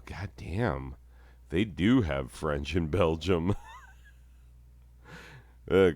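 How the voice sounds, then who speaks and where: A man hosting a comedy show, ranting and swearing constantly in a deadpan monologue. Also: low-pitched, clean tone, dry recording, studio quality.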